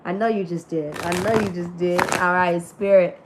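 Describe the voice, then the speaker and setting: A woman's voice: on the low side, fairly even intonation, normal speed, noisy background. A woman reading tarot for her viewers in a casual, slangy and profane way, with a voice that is still healing. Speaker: tarot reader. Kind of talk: spiritual reading to an online audience.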